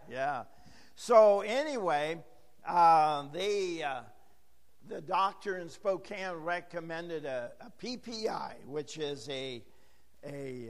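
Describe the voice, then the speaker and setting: A hoarse, gravelly-voiced man preaching a verse-by-verse sermon as pastor, chatting with jokes to the congregation in a church. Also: fairly high pitch, big-room sound. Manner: chatty, joking asides to the congregation. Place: church sanctuary.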